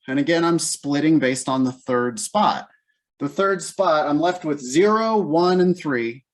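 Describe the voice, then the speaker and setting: A man leading a live test-prep class, thinking aloud step by step in a casual way. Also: a little high. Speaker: LSAT teacher.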